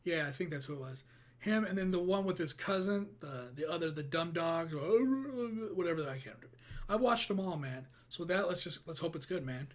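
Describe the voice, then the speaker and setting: A man hosting a casual reaction video, rambling, swearing freely and getting excited. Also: on the high side, a little fast.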